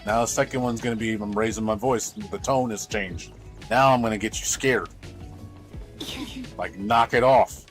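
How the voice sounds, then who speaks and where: A man's voice: lowish voice, fairly quick, faint music behind. Blunt, rambling male streamer. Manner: candid, rambling, blunt with frequent swearing. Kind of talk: casual livestream chat.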